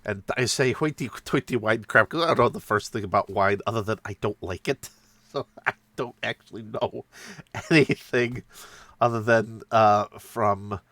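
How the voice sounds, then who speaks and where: Man, casual rambling storyteller, bright tense voice, dry close recording. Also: on the low side, normal speed, no echo. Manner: rambling, self-mocking, laughs while telling. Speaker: tabletop game player recounting a session.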